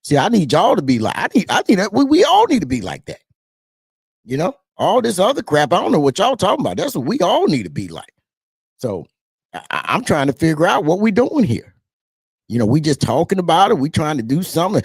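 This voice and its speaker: A man with a Southern US twang talks politics straight to camera, preaching and repeating his points to the viewers he calls y'all. His voice is gravelly and fairly high, and his pitch swings widely. The sound is dry and close. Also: huge pitch swings, brisk, no room sound. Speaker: political talk show host. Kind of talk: casual political commentary to camera.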